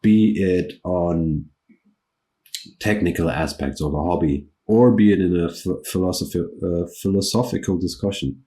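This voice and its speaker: Low, mellow-voiced man interviewing. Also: moderate pace. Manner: hesitant, with many restarts and ums. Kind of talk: conversational interview.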